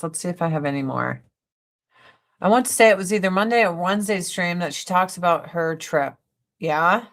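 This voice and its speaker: A woman's voice: medium pitch, pushed and bright. A woman livestream host in casual chat while doing her makeup, talking bluntly with heavy swearing. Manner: blunt, profane, ranting.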